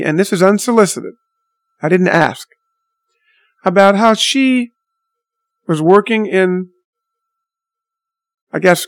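This vlogger speaks in a high voice with no echo, recounting a story to his audience off the cuff. His tone is indignant and direct, with some mild cursing.

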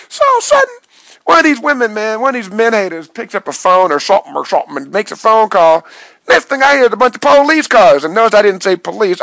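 Excitable gravelly man telling a wild dream. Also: no room sound, rough recording. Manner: excitable, swoops into high yelps and low mutters. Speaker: vlogger recounting a dream. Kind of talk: animated storytelling monologue.

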